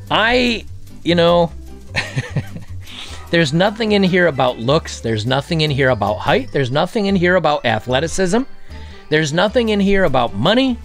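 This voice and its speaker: Man ranting crudely in a vlog. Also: fairly high pitch. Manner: crude, joking, laughs at his own jokes. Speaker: dating commentary vlogger. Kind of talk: casual monologue.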